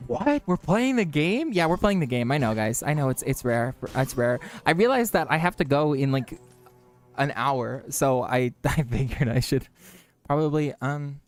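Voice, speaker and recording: A man's voice: mid-range voice, moderate pace, faint music behind. A young man streaming, chatting in a rambling, self-mocking way as he games. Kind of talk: casual chat while gaming.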